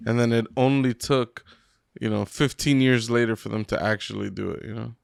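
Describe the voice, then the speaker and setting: A man co-hosting a podcast, chatting excitedly about video games. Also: medium pitch, moderate pace, creaky, clean tone, no room sound, clean studio sound. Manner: excitable, chatty gamer talk. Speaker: podcast co-host. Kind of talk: casual chat.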